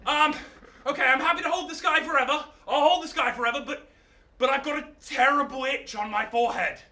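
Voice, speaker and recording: A man playing the young hero Hercules, impatient and exasperated, shouting and pleading. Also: extremely high pitch, fairly quick, distant mic, voice pushed up, heavily acted. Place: arts centre stage, live show. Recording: roomy hall, mic from afar.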